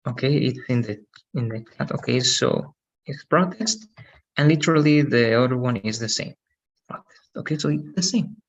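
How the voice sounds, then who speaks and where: A man's voice: mid-range voice, normal speed, rough recording. A man teaching an English lesson on a video call, patient and often checking in with "right?".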